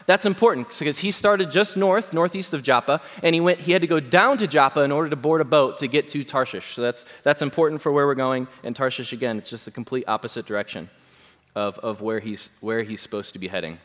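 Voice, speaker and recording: A man's voice: mid-range voice, quick pace. Casual preaching man in a reverberant hall. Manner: conversational, animated, jokes with congregation. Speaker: pastor. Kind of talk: sermon.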